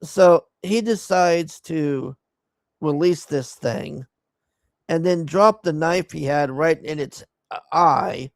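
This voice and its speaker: A man's voice: fairly high pitch, takes it slowly, no room sound, clean studio sound. A man giving a profane, exasperated recap of a movie he hated, scornful of its plot. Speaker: movie reviewer. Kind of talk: casual ranting movie recap.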